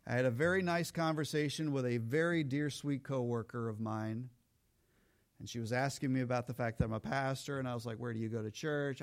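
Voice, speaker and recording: A man preaching a sermon as pastor, lively and acting out the voices of the people he quotes. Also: mid-range voice.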